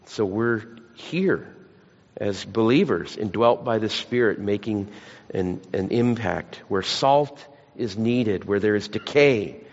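A man's voice: on the low side, slow. A man preaching a sermon, mixing scripture with folksy, self-deprecating stories. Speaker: pastor. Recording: lo-fi church hall recording.

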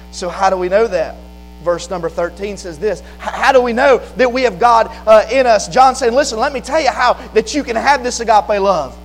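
A man preaching a sermon, moving from quiet, plain explanation to loud, fervent preaching. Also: high voice, moderate pace, low-quality recording. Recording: faint mains hum behind.

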